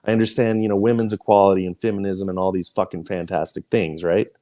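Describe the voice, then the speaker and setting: A man's voice: deep voice, little pitch movement, quick pace, warm tone. A man, a podcast host, venting emphatically with lots of swearing in casual group talk. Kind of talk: heated casual chat.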